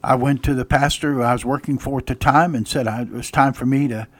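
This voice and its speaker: A man's voice: medium pitch, steady tone, quick pace, dry recording. A male pastor preaching a radio sermon, reading old-style scripture and rising to emphatic exclamations.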